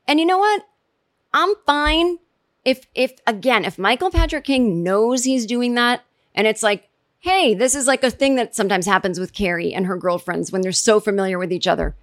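A woman hosting a podcast, chatting casually and animatedly, jumping into high voices when she quotes people. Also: no room sound, studio quality. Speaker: podcast host recapping a TV episode. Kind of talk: casual chat.

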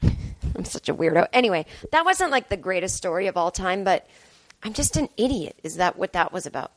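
On her podcast, a woman comedian with a lowish voice speaks a little fast, spinning a rambling, self-deprecating story and performing her own lines with animation. It's a casual monologue with no room sound.

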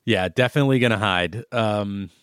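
A man's voice: on the low side, moderate pace, fairly bright tone, clear, resonant tone, no echo, studio quality. A man casually talking as a player in a tabletop game, a bit hesitant. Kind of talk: casual play chat.

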